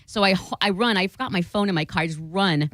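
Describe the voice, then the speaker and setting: A young woman telling a story in a casual chat, animated and swearing, acting out what people said. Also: medium pitch, fast, no echo. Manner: animated, swearing, acts out quotes.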